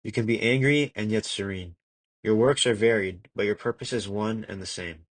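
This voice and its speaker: A man's voice: lowish voice, no room sound. Earnest young man reading aloud. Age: young adult. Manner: measured and earnest, with occasional slips and restarts. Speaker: audiobook reader. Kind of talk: amateur audiobook reading.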